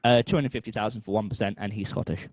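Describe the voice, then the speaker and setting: A man co-hosting a podcast, pitching a made-up product in comic style and making beeping sound effects. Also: steady tone, quick pace, no room sound. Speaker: podcast co-host.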